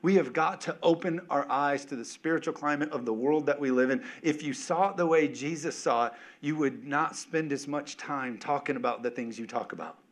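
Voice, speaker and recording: A man preaching a sermon as pastor, emphatic and animated, calling out to the congregation with casual, joking asides. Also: on the high side, moderate pace, hardly any pauses.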